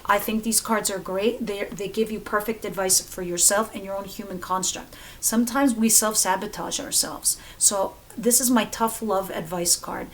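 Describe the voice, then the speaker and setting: A woman's voice: medium pitch, fairly even intonation, normal speed, hardly any pauses, a little hiss or hum. A woman giving a casual tarot reading, chatty and swearing freely as she talks to viewers. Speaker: tarot reader.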